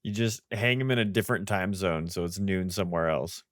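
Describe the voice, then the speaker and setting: Guy with a lowish voice making wisecracks, talks fast, laughs a bunch. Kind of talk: casual group chat.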